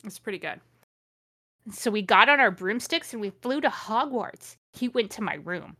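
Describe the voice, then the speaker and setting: A woman's voice: on the high side, lively intonation, normal speed, bright, forceful tone, no room sound, studio quality. A woman podcast host reading a fanfic aloud with amused, sarcastic commentary. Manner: amused, sarcastic, laughs often.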